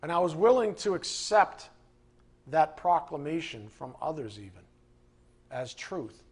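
Fiery middle-aged male preacher, gravelly and husky, high-pitched, shouts at his peak. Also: big pitch swings, a little slow. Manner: fiery, rising to angry shouting. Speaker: preacher teaching a Bible class. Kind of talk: sermon.

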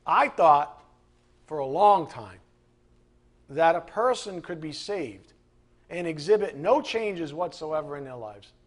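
A middle-aged man preaching a fiery sermon to a class, building to angry shouting. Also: fairly high pitch, expressive, slow, long pauses. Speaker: preacher teaching a Bible class.

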